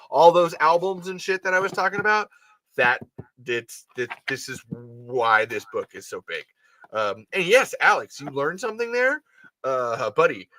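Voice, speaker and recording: A man's voice: mid-range voice, pushed and bright, no echo. A young man hosting a podcast in casual chat, rambling with many fillers and swearing freely. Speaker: podcast host.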